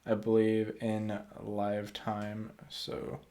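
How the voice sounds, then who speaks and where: A man's voice: lowish voice, completely flat delivery, very slow, dark tone. A man streaming a video game, chatting casually with many fillers.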